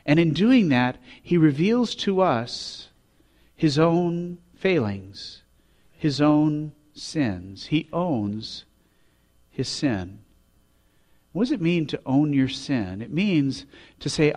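A man's voice: fairly high pitch, big pitch swings, slow, a little mellow. A man preaching a sermon, reading scripture and asking rhetorical questions with rising intensity. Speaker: pastor.

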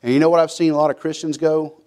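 Folksy preacher man, fairly high voice. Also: flat delivery, fast talker, darkish tone. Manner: folksy preaching, acts out quotes with repeats and restarts. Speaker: pastor. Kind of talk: sermon.

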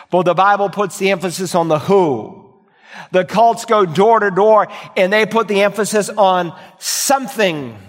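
A man delivers a sermon from the pulpit, his voice sitting a little high for a man. He swings between forceful, ringing emphasis and hushed asides. The sound trails off in the long reverb of a big hall. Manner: preaching with dramatic swings in volume and emphasis. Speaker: pastor.

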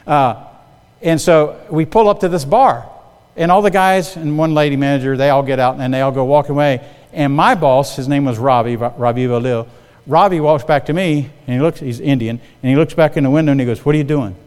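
A man's voice: medium pitch, brisk, darkish tone, clear, resonant tone. A middle-aged male pastor preaching a sermon, telling stories and calling for amens from the congregation. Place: church sanctuary. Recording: long hall reverb.

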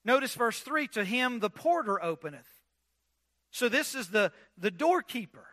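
Male pastor, sermon, high voice, bright tone, repeats words, soft low endings. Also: very animated, normal speed. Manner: preaching with repetitions and drops to a low soft voice on key words.

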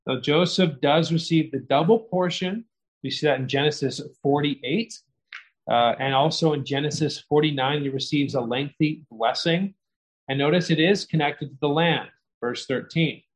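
A middle-aged man preaching a sermon, earnest and expository, growing more animated as he explains scripture. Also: fairly high pitch, normal speed, low-quality recording. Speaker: pastor.

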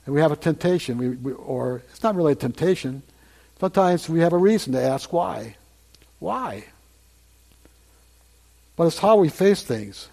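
Older man, preacher, higher-pitched voice, conversational sermon, repeats himself, questions the congregation. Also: animated, moderate pace, vocal fry, long pauses, a little mellow.

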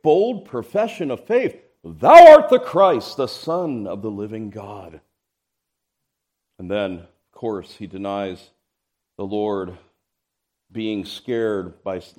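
A man preaching a sermon, reading scripture aloud in an expressive, rising and falling delivery. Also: mid-range voice. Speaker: pastor.

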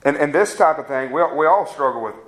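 A man's voice: on the high side, expressive, quick pace. A man preaching a sermon, conversational and asking the congregation questions. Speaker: pastor.

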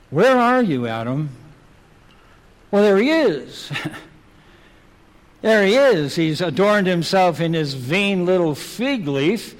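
Man preaching slow and emphatic, fairly high voice, long echo from a big hall. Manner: emphatic, rhetorical questioning. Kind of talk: sermon.

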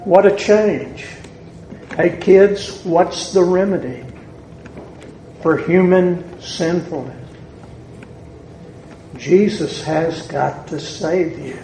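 A man with a Southern US accent preaching a sermon to a congregation in a church, deliberate and building to emphatic peaks. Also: high voice, warm tone, slight background noise. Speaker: pastor. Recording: echoey church room with faint ambience.

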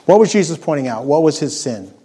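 A man preaching a sermon, earnest and emphatic, letting his voice sink low and soft on key words. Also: sing-song, fast, husky. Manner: earnest, emphatic preaching with dramatic drops in volume; acts out scripture quotes in character voices.

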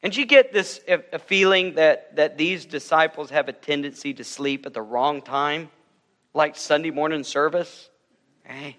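A man's voice: on the high side, unhurried, a bit bright, long reverb tail. A male pastor preaching an emphatic sermon in a church, building intensity with joking asides.

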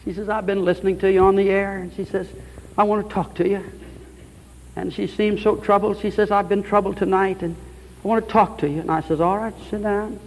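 A man's voice: sits high, level tone, brisk, long reverb tail, poor audio. A man preaching a radio sermon, telling a conversion story and quoting the people in it, building to fervent peaks. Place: church or hall with pulpit.

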